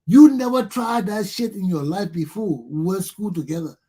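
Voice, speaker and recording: Older man ranting, husky high voice. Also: expressive, normal speed, warm tone. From Liberia. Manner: ranting, profane, repetitive. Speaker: talk show host. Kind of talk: angry monologue.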